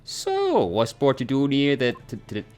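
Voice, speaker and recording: A man's voice: mid-range voice, wildly swooping pitch, a little slow, a little mellow, soft background music, pitched above the performer's own voice. A man voicing a brusque male prison governor in a put-on Scottish accent, while reading game dialogue aloud. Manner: brusque, dialect-heavy, dismissive.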